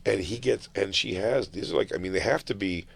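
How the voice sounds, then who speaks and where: A male talk radio host with a low, gravelly voice that has a lot of fry in it. He talks loosely and profanely and keeps breaking into laughter as he tells a story. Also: brisk. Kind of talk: casual talk radio chat.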